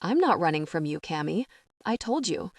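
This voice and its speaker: A woman reading an audiobook, voicing a tender, devoted young man who speaks softly and earnestly. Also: on the low side, sing-song, normal speed, no room sound, studio quality. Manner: soft, hushed and earnest. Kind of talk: audiobook narration.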